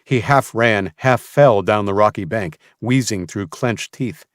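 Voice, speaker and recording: Slow, low-voiced male audiobook narrator. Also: dry recording, clean studio sound. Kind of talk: scripted narration.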